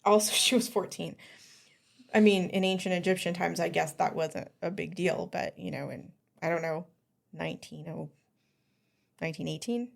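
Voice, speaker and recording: A woman's voice: on the low side, fairly even intonation, normal speed, gravelly. A woman hosting a podcast, casually telling a story with lots of ums and small laughs. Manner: chatty, giggly, many ums. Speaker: podcast host.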